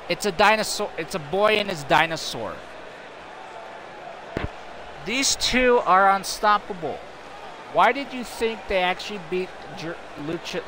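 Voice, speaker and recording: A man doing excitable, playful play-by-play wrestling commentary, bickering with himself and stumbling over his words. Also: high voice. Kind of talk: fan-made play-by-play commentary. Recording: loud crowd and ambient noise behind.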